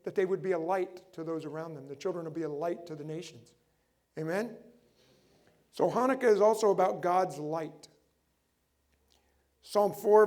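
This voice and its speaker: A middle-aged pastor delivers an animated sermon in a fairly high voice. He keeps firing rhetorical questions at his listeners as he preaches.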